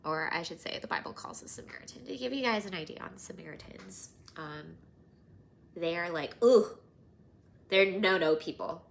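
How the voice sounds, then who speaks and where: A woman in her thirties hosting a podcast, telling personal stories in an animated, casual way, sometimes dropping to near-whispers. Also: fairly low pitch, moderate pace, creaky, a little hiss or hum. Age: 30s. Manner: animated, drops to near-whispers and laughs often. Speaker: podcast host.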